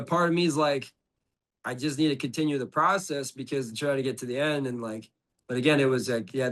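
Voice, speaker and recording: Middle-aged guy rambling thru his story, podcast guest, filler words everywhere. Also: mid-range voice. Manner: rambling, heavy with "like" and restarts. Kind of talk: casual conversation.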